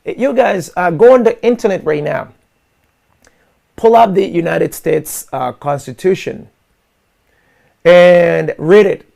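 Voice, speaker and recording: Gravelly, high-pitched impassioned male host. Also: animated, a little slow. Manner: forceful, repetitive, addresses listeners as guys. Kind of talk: impassioned monologue to an online audience.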